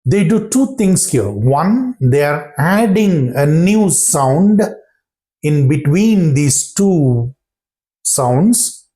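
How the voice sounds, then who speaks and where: A man teaching pronunciation in a slow, deliberate classroom manner, repeating example phrases and checking that listeners follow. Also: a little high, very animated, warm tone.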